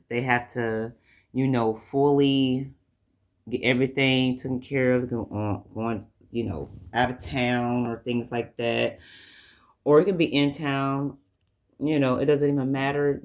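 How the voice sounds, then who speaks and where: A man with a Southern US accent giving a casual tarot reading. He rambles, keeps repeating himself, and slows right down to draw out the messages he reads from the cards. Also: medium pitch. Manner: rambling, repeats "like I said" and "you know". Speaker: tarot reader.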